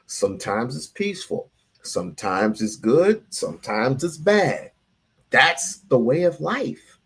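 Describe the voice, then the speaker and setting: A man's voice: medium pitch, big pitch swings, slow, vocal fry, fairly bright tone, breathy edge. A man hosting a casual reaction show, blunt, profane and sarcastic. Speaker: show host.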